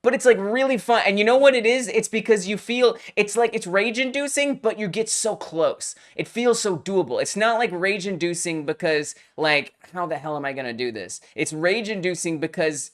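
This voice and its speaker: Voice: medium pitch, moderate pace, hardly any pauses. Casual streamer: live gameplay commentary, easily worked up, playful and jokey. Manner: excitable, swings from mock rage to giggly chatter; playful made-up exclamations. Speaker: live-stream host playing game jam entries. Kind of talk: live game-playing commentary.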